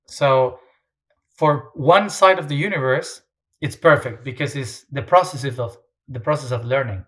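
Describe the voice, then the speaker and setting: A man's voice: medium pitch, unhurried, a bit bright. A man speaking as an interview guest, talking in a reflective, hesitant way with many fillers and restarts.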